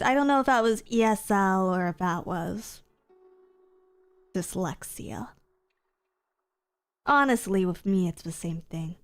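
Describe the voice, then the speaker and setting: A woman's voice: mid-range voice, animated, unhurried, long pauses. A woman streamer chatting casually and reading viewer comments, playful, giggly and self-mocking.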